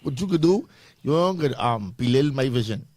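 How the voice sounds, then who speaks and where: A man's voice: medium pitch, animated, fairly quick, darkish tone, no echo. A Bahamian man on a radio panel who argues his points and trails off into mumbles. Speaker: radio show co-host. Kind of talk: casual radio panel chat. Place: radio studio.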